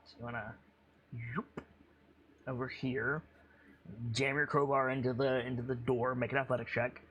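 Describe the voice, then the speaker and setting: A man's voice: medium pitch, little pitch movement, normal speed, fairly bright tone, dull audio, slight background noise. Man running a tabletop game. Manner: loose, filler-heavy narration. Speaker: game master.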